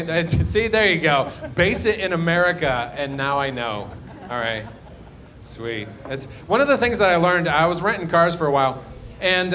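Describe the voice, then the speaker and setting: A man's voice: fairly high pitch, a bit bright. A man doing live stand-up crowd work, rambling and self-deprecating, often trailing off. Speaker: stand-up comedian. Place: live comedy show.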